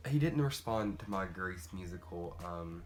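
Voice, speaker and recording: A teenage boy talking through a casual makeup storytime, chatty and animated, jumping into high squeals when quoting people. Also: normal speed. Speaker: beauty vlogger. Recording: faint music behind.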